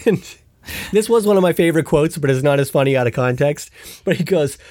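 A man's voice: fairly high pitch, expressive, a little fast, darkish tone, no echo. A man hosting a podcast, chatting casually and animatedly about a TV show and laughing as he retells scenes. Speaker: podcast host.

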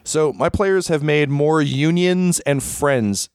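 A man's voice: a little high, takes it slowly, smooth, no room sound, clean studio sound. A man chatting casually on a podcast as a game master, telling stories with lots of acted-out quotes. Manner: animated storyteller, acts out quoted voices.

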